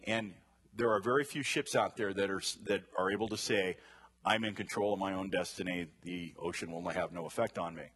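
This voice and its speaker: A man's voice: lowish voice, fairly bright tone, husky. A man teaching a Bible study to a group in a chatty way, asking the class questions and drifting into side stories. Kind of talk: conversational Bible lesson to a group.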